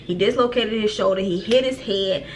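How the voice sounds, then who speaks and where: A young woman telling a storytime vlog in casual, slangy talk, acting out her own frantic shouts when she quotes herself. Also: medium pitch, normal speed, noisy background. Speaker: vlogger.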